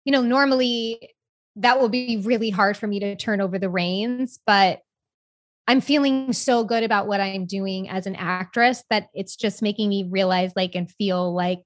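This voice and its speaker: A young adult woman co-hosting a podcast, talking in a candid, rambling, expressive way. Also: mid-range voice, moderate pace, dry recording. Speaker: podcast co-host. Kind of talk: casual chat.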